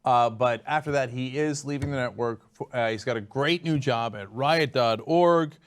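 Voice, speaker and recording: A man hosting a talk show, bantering loudly with laughs and animated asides. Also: medium pitch, normal speed. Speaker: host.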